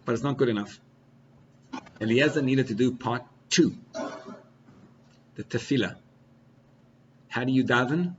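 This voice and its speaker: Animated rabbi preaching, dull recording. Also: male voice, unhurried, pauses often. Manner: animated, swings between loud outbursts and low asides; sprinkles Hebrew and Yiddish terms. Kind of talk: sermon. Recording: slightly dull recording with faint hiss.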